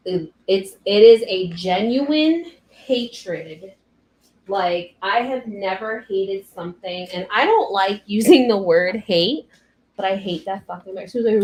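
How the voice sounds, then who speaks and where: A woman's voice: medium pitch, measured pace, darkish tone, reverberant. A young woman cake decorator chatting on a live stream, ranting animatedly and cursing freely. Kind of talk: casual live stream chat.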